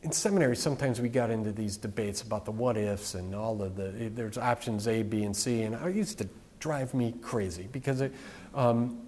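A male pastor giving an informal, conversational sermon with animated asides. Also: on the low side, moderate pace. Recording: long reverb from a large hall.

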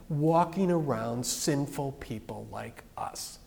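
A man with a somewhat high voice delivers a sermon in a relaxed, conversational manner, speaking plainly to his congregation. His words ring out with a long reverb, as in a large echoey hall. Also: a little slow. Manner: conversational, plain-spoken preaching. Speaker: pastor.

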